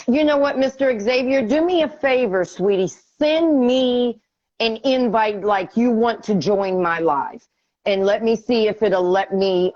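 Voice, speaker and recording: Frustrated with the app, the live-stream host talks to herself while trying to fix the tech in her casual broadcast. Her female voice is mid-range and a little mellow, with no echo, and the stream audio sounds dull and lo-fi.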